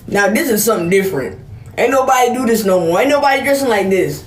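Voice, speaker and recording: A man voicing a hyped guy loudly praising an outfit, in an echoey room. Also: high voice, lively intonation, fast talker. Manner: loud, hyped, emphatic.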